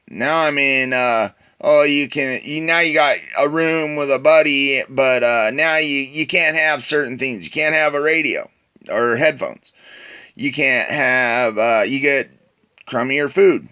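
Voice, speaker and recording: Bright-voiced man telling a rambling story. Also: medium pitch. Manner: rambling, with frequent fillers and restarts. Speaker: vlogger. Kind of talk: casual personal storytelling.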